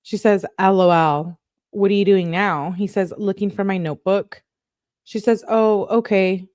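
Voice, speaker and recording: A woman reading text messages aloud as a true crime YouTuber, quickly, with sarcastic asides. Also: medium pitch, steady tone, darkish tone, no room sound, studio quality. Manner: quick, sarcastic asides between read-out texts.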